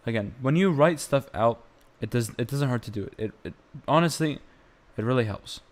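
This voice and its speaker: A young man teaching chant on a live stream, explaining slowly and breaking into short sung phrases. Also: mid-range voice, lively intonation. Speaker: music teacher.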